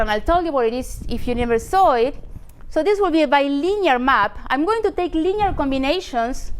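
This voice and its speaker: A woman's voice: high-pitched, a little hiss or hum. A woman giving a math lecture in a lecture hall. She explains step by step, with lots of "you know".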